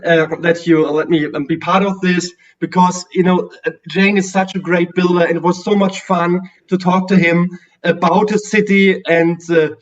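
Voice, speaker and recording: A man's voice: sits high, little pitch movement, normal speed, hardly any pauses. A man with a German accent chatting on a video call, hesitant, with many fillers and restarts. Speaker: guest streamer. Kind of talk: casual video call chat. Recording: distant, dull lo-fi audio.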